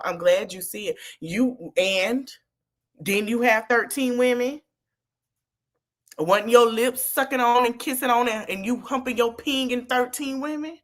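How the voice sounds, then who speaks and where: Blunt, outspoken woman reacting loudly. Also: fairly high pitch. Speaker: podcast host reacting to a clip. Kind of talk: reaction commentary.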